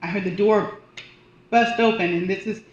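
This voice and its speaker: A woman who works as a hospice volunteer and death doula, telling a personal story in a casual, animated way. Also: medium pitch, moderate pace. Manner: animated, acts out quoted voices. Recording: roomy, dull audio with faint noise.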